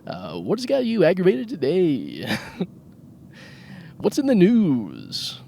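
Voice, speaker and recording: A man's voice: high-pitched, wildly swooping pitch, slow pace, gravelly, warm tone, slight background noise, pitched above the performer's own voice, heavily acted. A man putting on the voice of a cheesy morning radio host taking callers. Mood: hammy. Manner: overblown, hammy announcer delivery. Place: car, driving.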